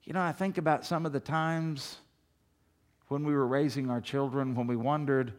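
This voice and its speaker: A man's voice: mid-range voice, a little fast. A pastor in his fifties preaching a sermon with emphasis, often asking the congregation questions. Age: 50s.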